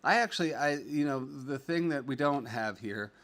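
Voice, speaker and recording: A man's voice: medium pitch, expressive, moderate pace, a bit bright. Chatty upbeat man hosting a livestream. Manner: upbeat, chatty, rambling with many fillers, reads comments aloud. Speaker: livestream host. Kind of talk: casual livestream chat reading viewer comments.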